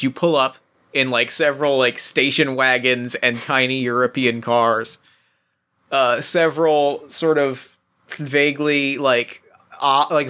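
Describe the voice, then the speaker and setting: A man's voice: medium pitch, bright, forceful tone. A man narrating as game master of a tabletop role-playing game, rambling with lots of fillers and restarts.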